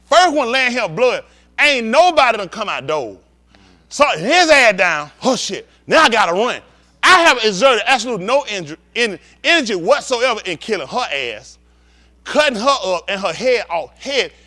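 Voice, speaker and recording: A man preaching with a high voice that leaps all over the place as he acts out a story. His tone is bright and edgy, profane and theatrical, and he keeps asking the congregation whether they follow him. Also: big pitch swings, normal speed. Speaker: pastor. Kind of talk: comedic storytelling rant to a congregation.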